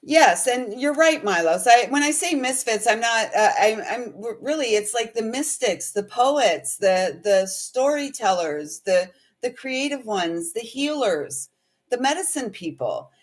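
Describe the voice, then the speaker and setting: A woman's voice: fairly high pitch, expressive, measured pace. A woman hosting a casual spiritual livestream, chatting and rambling while reading viewer comments aloud. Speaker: spiritual host and intuitive reader.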